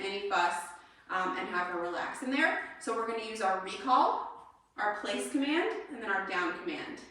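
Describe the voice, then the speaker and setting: Speaking in a mid-range voice, a woman who trains dogs walks through drills calmly during an indoor demo, then switches to crisp, short commands for the dog. Her voice sounds far off in a very reverberant room, with a little hiss or hum in the background.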